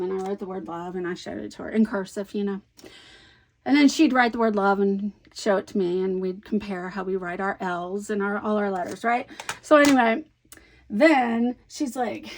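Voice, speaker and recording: A woman in her fifties chatting casually about her craft projects, rambling and animated and laughing easily as she tells a story. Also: medium pitch, a little fast. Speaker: scrapbooking vlogger.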